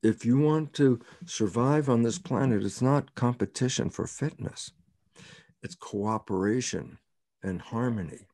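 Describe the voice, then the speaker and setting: A man's voice: medium pitch, measured pace, a little mellow, dry recording, studio quality. An older man being interviewed as a scientist, explaining in an emphatic way, repeating key words and quoting himself.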